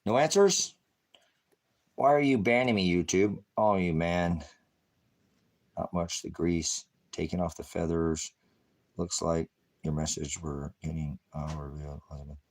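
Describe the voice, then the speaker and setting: A man's voice: low-pitched, unhurried, pauses often, a little mellow. A man hosting a rambling livestream, cracking jokes, swearing freely and urging viewers to act. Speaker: livestream host. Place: high desert home.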